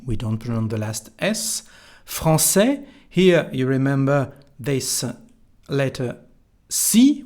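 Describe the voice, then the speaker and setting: A man with a French accent gives an online French lesson at an unhurried pace. His voice sits at an average pitch, and he says each example phrase clearly for the learner to repeat. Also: darkish tone. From France. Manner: slow, careful explanations with modeled phrases to repeat. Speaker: French teacher.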